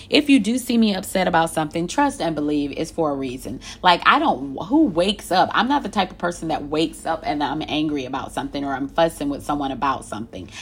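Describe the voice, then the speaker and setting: A woman with a somewhat low voice, talking casually to her listener. She is emphatic and exasperated, stacking rhetorical questions and repeating herself to drive each point home. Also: husky. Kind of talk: casual monologue, advice.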